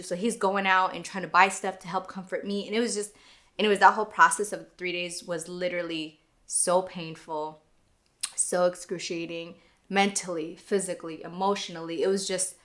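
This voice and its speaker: A woman's voice: lowish voice, a bit bright. A woman co-hosting a podcast, telling a personal story in a subdued, earnest casual way. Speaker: podcast co-host.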